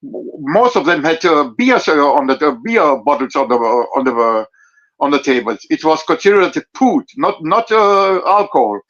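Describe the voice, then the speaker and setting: Man, halting English. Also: on the high side, sing-song, fairly bright tone, dull audio. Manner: halting, searching for English words. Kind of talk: casual podcast chat.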